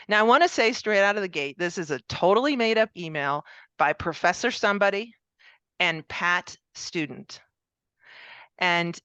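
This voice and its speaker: A woman with a lower, smooth, clear voice gives a pre-recorded conference presentation. She explains her points steadily, with the odd "um" along the way. The sound is dry and a little dull. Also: fairly bright tone, no room sound.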